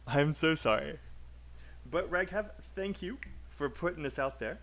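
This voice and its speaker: A man's voice: fairly high pitch, animated, measured pace, fairly bright tone. A man teaching English pronunciation on a live stream, chatty and encouraging, calling out names from the chat.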